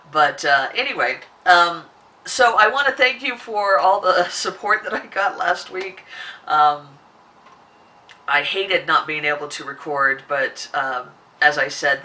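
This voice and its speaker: Woman host, hoarse and husky from a sore throat, loose rambling chat, bright tone, distant mic. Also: a little hiss or hum. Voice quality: husky, deeper than usual. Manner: rambling, with many restarts and ums. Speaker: podcast host. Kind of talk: casual chat.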